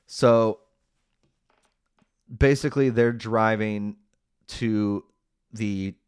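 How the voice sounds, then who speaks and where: A low-voiced man talks through a plot recap in a loose, rambling podcast style, with fillers piling up between his points. His dry, close sound carries a wry, sarcastic edge as he picks the story apart. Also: fairly even intonation, extremely slow, a little mellow, clear, resonant tone, dry recording. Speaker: podcast host recapping a movie. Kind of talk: casual spoken recap.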